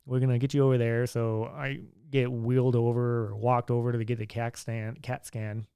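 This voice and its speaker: A man's voice: mid-range voice, steady tone, fairly quick, darkish tone, clean tone, no room sound, clean studio sound. A young man telling a story in a laid-back, chatty way, acting out what others said. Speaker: vlogger. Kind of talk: casual storytelling.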